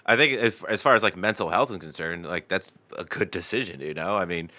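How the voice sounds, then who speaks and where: A man's voice: deep voice, a little fast, sharp tone, no echo. A man hosting a casual interview, speaking in an earnest, reassuring way. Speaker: host, navy sailor.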